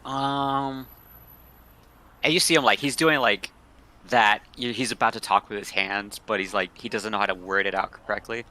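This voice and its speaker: A man's voice: lowish voice, steady tone, moderate pace, sharp tone. A young man narrating as game master in a tabletop role-playing session over a call, casual and loose with many fillers.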